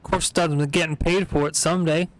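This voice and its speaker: A man voicing a drunken, gruff male pirate sailor with slurred, old-timey seafaring speech. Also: fairly high pitch, steady tone, fast, lightly acted. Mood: boisterous.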